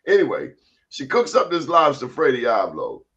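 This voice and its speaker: A man hosting a casual talk show, telling a story with animated quoted voices. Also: medium pitch, normal speed. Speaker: host. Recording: dull lo-fi sound.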